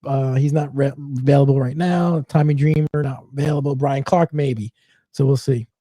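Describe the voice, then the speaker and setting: A man's voice: mid-range voice, steady tone, normal speed, mellow, dry recording. A man hosting a podcast in casual chat, easygoing as he reads out viewer comments. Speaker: podcast host reading viewer questions.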